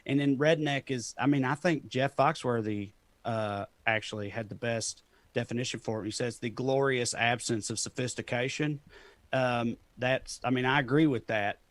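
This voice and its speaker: A man's voice: mid-range voice, normal speed, no room sound. Tennessee-accented man, laughing and rambling. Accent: Southern US, Tennessee. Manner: rambling, self-deprecating, laughs often. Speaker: comedian guest. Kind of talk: casual interview chat.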